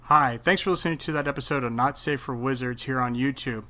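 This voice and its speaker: A man hosting and running a tabletop game as game master, narrating in a relaxed, chatty way. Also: medium pitch, fast talker. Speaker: game master and podcast host. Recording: noisy room recording.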